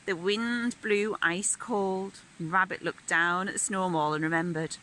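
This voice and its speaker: A woman telling a picture-book story to young children with a gentle, sing-song lilt. She reads at a slow, easy pace. Her voice is bright and clear. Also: lowish voice, steady tone, slight background noise, poor audio. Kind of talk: reading a picture book aloud.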